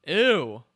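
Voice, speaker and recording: A man's voice: on the high side, a bit bright. A young man hosting a podcast, reacting casually to a movie as he watches, exclaiming and talking back to the screen. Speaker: podcast host.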